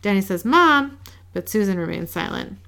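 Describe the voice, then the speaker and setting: Woman with a gravelly, low-key recap voice. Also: moderate pace. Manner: reads quoted lines in a flat, low-key way with small laughs. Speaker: podcast co-host recapping an episode. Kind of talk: casual recap, reading dialogue aloud.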